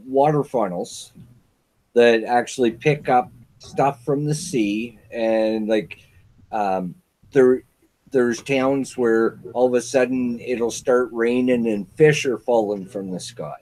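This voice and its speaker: A man's voice: medium pitch, takes it slowly, darkish tone. A man hosting a casual livestream chat, laid-back and teasing as he reads viewer comments. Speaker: host reading viewer chat.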